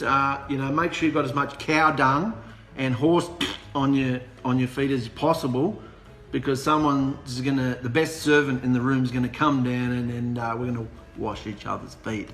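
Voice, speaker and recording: A man preaching an animated, humorous sermon, sarcastic and worked up. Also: mid-range voice. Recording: echoey room with music behind.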